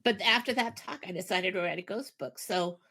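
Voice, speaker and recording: A middle-aged woman speaks as a guest author, telling stories with an animated, expressive delivery. She slips into the voices of the people in her anecdotes as she talks, and her pitch sits in an ordinary middle range. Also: brisk. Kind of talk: casual interview storytelling.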